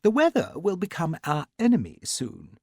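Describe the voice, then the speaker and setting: A man puts on a small, bird-like lord, pitched up high above his own voice. He sounds prim and insistent, with a husky, dry edge underneath. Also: huge pitch swings, moderate pace, warm tone, no echo, heavily acted. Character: small fussy bird-like male aristocrat.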